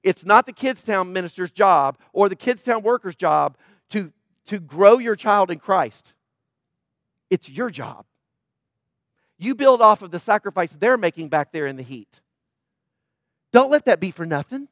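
A man's voice: high-pitched, animated, measured pace, long pauses, fairly bright tone, no room sound, clean studio sound. A man preaching a sermon in church, urgent and emphatic, driving his points home through repetition. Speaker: pastor.

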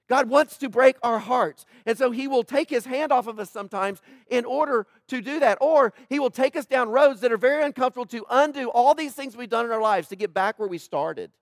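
High-voiced preacher, dry close sound. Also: male voice, no room sound. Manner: conversational preaching, asks the congregation questions. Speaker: pastor. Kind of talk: sermon.

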